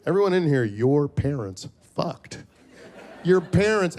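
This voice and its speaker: A man's voice: fairly high pitch, big pitch swings, unhurried, darkish tone. A man doing a stand-up set in a comedy club, crude and rambling, slipping into goofy voices. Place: comedy club stage before a laughing crowd. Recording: live club recording with crowd and hum.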